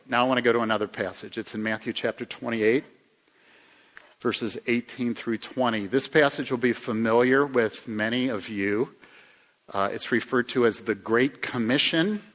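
This man preaches like he's chatting with his listeners, posing questions to them. His sermon swings back and forth between emphatic climbs and quiet, low asides.

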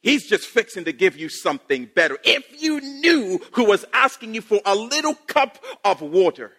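A man preaching a sermon in a playful, animated way, laughing and repeating phrases for emphasis. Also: sits high, moderate pace.

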